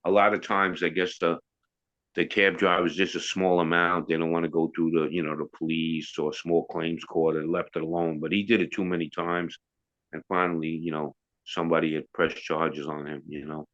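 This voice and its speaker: A man's voice: deep voice, flat delivery, normal speed, a bit bright. A middle-aged man telling a story as an interview guest, casual and rambling, with restarts and asides. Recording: dull lo-fi sound.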